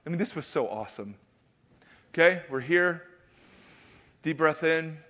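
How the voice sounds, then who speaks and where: A middle-aged man preaching a sermon, swinging from loud, emphatic declarations to hushed, intimate storytelling. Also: on the high side, lively intonation, unhurried. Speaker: pastor.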